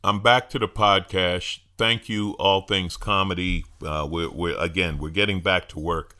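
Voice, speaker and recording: A man's voice: low-pitched, fairly even intonation, measured pace, bright, forceful tone. A middle-aged man hosting a podcast from home, talking in a wry, conversational way and often repeating his first words as he gets going. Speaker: podcast host, comedian. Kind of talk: casual solo podcast monologue. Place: at home with his dog nearby.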